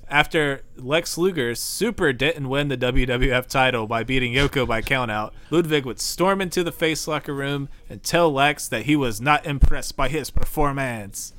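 A man's voice: mid-range voice, fairly bright tone, dry recording. A man co-hosting a podcast, reading out a story recap in a dry manner. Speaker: podcast co-host. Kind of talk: read narration segments.

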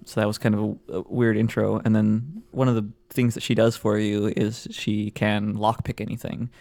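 A male podcast host who asks the panel questions in a casual, easy way. His voice is low and gravelly, with a darker tone. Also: level tone, moderate pace, darkish tone, dry recording. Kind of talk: casual chat.

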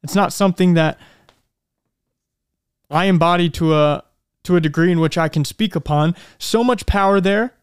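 Earnest and reflective, a male podcast host delivers a faith-based motivational talk, easing his pace to underline important lines. His voice is smooth, resonant and high-pitched. It's recorded close and dry, with no echo from the room.

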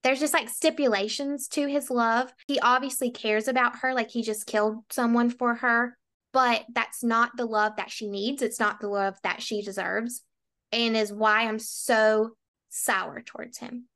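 A woman's voice: on the high side, steady tone, a little slow, a bit bright. A woman co-hosting a book podcast, talking casually and with strong opinions, often saying "like". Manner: opinionated, frequent "like" fillers. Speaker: podcast co-host.

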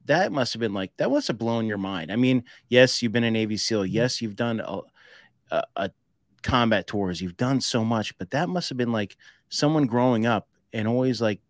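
A man's voice: medium pitch, no echo. Man hosting a podcast, dry sound. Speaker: podcast host. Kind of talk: casual podcast interview.

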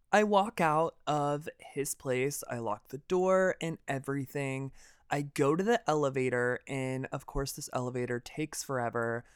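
A young man hosting a podcast, telling a personal story in a dramatic, animated way and swearing freely. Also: fairly high pitch, smooth, no room sound, studio quality. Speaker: podcast host. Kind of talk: casual storytelling monologue.

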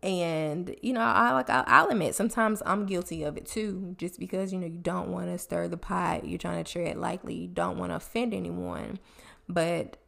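A woman's voice: lowish voice, steady tone, normal speed, vocal fry, bright, forceful tone. A woman hosting a solo podcast, talking casually and chattily as she gives communication tips and admits her own habits. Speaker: podcast host. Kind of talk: solo podcast advice talk.

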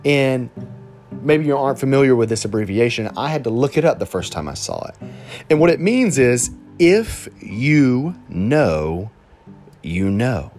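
A man with a Southern Alabama accent, the lead pastor, preaching a conversational sermon with animated, slang-filled examples. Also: mid-range voice, a little fast, faint music behind.

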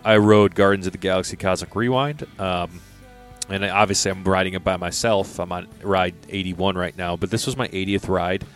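A young man with a low voice tells a story on a casual podcast. He is exasperated and profane as he rants about other people on a ride. Faint music plays underneath. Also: fairly even intonation, a little fast. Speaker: podcast co-host.

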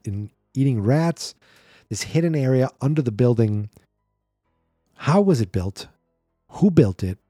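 A man hosts a solo podcast, recapping a horror movie in a loose, sarcastic, exasperated way. His voice sits mid-pitch with a dark, mellow tone. The recording is dry and close, with no room sound. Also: no echo. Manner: sarcastic, exasperated running commentary with quick mimicry of characters. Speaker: podcast host.

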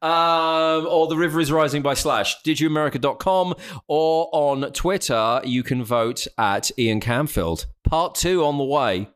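British male podcast co-host, slightly high, rambling and opinionated. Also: a bit bright. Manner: quick, rambling, opinionated with restarts. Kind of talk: casual chat.

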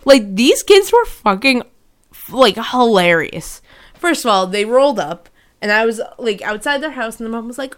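A young woman co-hosting a casual chat show, telling animated, profanity-laced stories and acting out the people she quotes. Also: on the high side, brisk, smooth. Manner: animated storyteller, swears a lot, acts out quotes. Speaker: podcast co-host.

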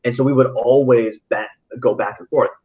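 A man's voice: medium pitch, steady tone, normal speed, a little mellow. A man who works as a teacher, chatting casually and telling rambling stories with many restarts. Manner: rambling storyteller with frequent restarts and laughs. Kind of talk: casual podcast conversation. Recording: slightly dull, lo-fi audio.

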